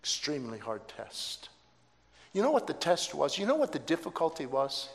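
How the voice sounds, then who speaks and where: A man's voice: a little high, wildly swooping pitch, normal speed, vocal fry. A man preaching a sermon, telling a story dramatically and with emphasis. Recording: long hall reverb.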